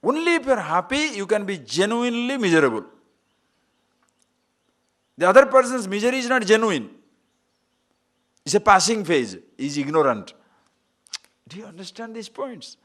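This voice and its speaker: A man's voice: high voice, big pitch swings, moderate pace, pauses often, a bit bright. A man giving a spiritual talk, playful and laughing often, asking rhetorical questions. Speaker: spiritual teacher.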